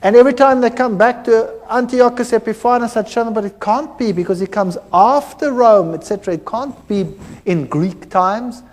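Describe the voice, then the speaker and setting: A man, a former university lecturer, giving a personal testimony, telling his story with animated acted-out dialogue. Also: high-pitched, moderate pace. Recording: hall reverb.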